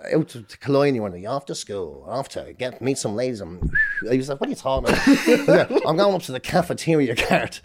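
A man's voice: medium pitch, sing-song, fast, heavy background noise. An Irish comedian in his forties, a podcast guest telling stories in casual chat, swearing freely and acting out quotes. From Ireland.

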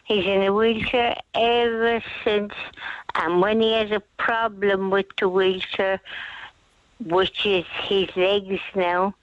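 An aggrieved woman in her sixties calls a radio show as a mother and carer, speaking slowly and insistently. Her voice sits in a middle pitch over a dull, dry line. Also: little pitch movement, no room sound. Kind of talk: phone-in radio call.

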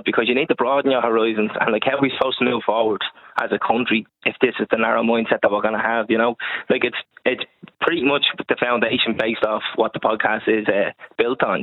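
Irish guest, young man, quick and earnest, dry tinny phone line. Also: medium pitch, no room sound. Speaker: podcast presenter, guest. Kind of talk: radio interview.

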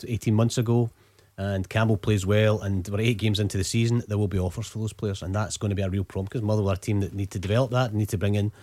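A man with a Scottish accent giving football analysis on radio, rushing with tumbling restarts. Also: on the low side, steady tone, warm tone, no echo. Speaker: football pundit. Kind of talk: radio punditry.

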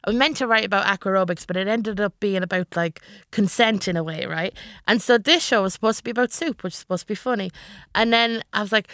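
A woman's voice: mid-range voice, fast talker, bright, forceful tone, no echo. A woman comedian with an Irish accent, chatting in a radio studio interview, rambling and laughing often at her own stories. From Ireland. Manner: giggly, rambling, self-deprecating. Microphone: studio microphone.

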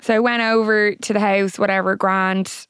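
A woman's voice: mid-range voice, little pitch movement, normal speed, fairly bright tone, clear, resonant tone, no echo. A young Irish woman co-hosting a podcast, chatting casually with dry, teasing humour. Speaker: podcast co-host. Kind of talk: casual chat.

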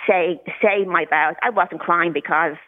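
A woman's voice: lowish voice, unhurried. A woman, a caller on a radio phone-in, talking candidly with occasional stuttered repetitions. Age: 60s. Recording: tinny phone line.

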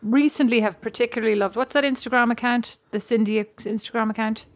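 A woman's voice: a little high, steady tone, fairly quick, no room sound. A woman with an Irish accent co-hosting a chatty podcast, rambling and restarting her sentences and laughing often. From Ireland. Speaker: podcast co-host. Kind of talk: casual chat.

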